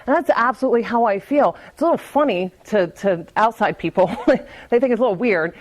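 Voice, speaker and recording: A woman's voice: mid-range voice, brisk, rough recording. A woman giving a candid, conversational recovery talk, often restarting and repeating words and laughing lightly between thoughts. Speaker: AA speaker. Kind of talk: personal recovery talk at a meeting.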